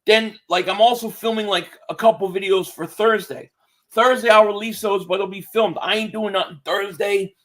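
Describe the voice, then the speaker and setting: A high, bright man's voice that is loose and excitable. He calls football plays and answers viewer chat in a casual live-stream reaction, with a swear now and then. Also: normal speed. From Philadelphia area. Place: home, indoors.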